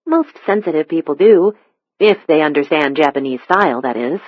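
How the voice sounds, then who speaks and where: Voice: medium pitch, expressive, moderate pace, no room sound, close to an everyday voice. An audiobook reader voicing Joanna, a gracious American woman who runs a club in Japan, in a dull, dry close recording. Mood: teasing. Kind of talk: audiobook dialogue.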